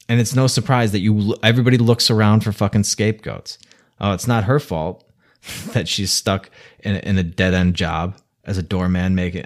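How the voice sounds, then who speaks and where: A man delivering an exasperated, scolding rant to the camera, swearing heavily. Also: fairly low pitch. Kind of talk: angry rant monologue.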